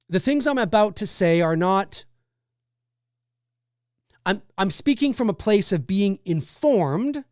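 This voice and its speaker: A man's voice: sits high, no echo, studio quality. A man hosting a casual livestream, rambling about a horror film and reading viewer comments aloud. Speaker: livestream host.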